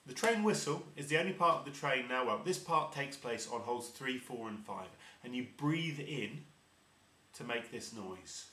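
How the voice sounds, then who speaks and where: A man's voice: medium pitch, lively intonation, normal speed, recorded from a distance, background noise. A man teaching harmonica step by step, patiently explaining and demonstrating each sound. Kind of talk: step-by-step instrument lesson. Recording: roomy echo.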